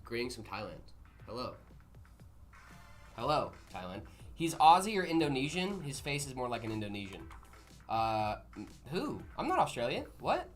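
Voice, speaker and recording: A man's voice: mid-range voice, wildly swooping pitch, moderate pace, long pauses, soft background music. A young man co-hosting a casual livestream, reading chat aloud with playful, jokey banter. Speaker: livestream co-host. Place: studio in Phoenix, Arizona.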